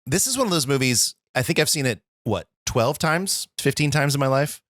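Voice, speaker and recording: A man's voice: mid-range voice, expressive, moderate pace, a bit bright, dry recording, studio quality. A man co-hosting a movie podcast, chatting enthusiastically and laughing often. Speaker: podcast co-host. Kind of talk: casual movie chat.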